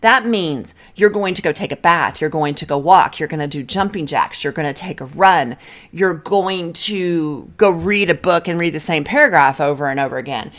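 Middle-aged woman, marriage therapist, lowish and animated, direct coaching podcast delivery. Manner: direct, coaching, guides breathing counts. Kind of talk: podcast advice talk.

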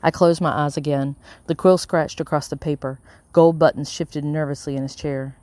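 Steady audiobook narrator, dry sound. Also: mid-range voice, normal speed, no room sound. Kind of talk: scripted first-person narration.

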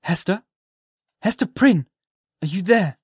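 A man's voice: sits high, lively intonation, a little slow, breathy edge, dry recording, voice pushed up, heavily acted. A man voicing an anguished, guilt-ridden male minister in a storybook reading, urgent and pleading, in a dry room. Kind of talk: audiobook dialogue.

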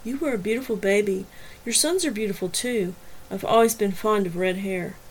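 A woman voicing an adult heroine who speaks quietly and with feeling in an audiobook. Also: mid-range voice, normal speed, a little hiss or hum, natural voice, poor audio. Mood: heartfelt. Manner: quiet and heartfelt.

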